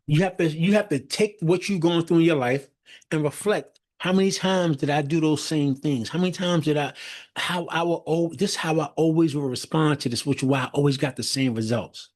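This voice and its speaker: A man's voice: a little high, fairly quick, darkish tone. A middle-aged man coaching on leadership with a slightly raised voice. He drives points home through repetition and a preacher-like rhythm, often restarting sentences. He sounds like he is on a video call. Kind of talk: motivational talk.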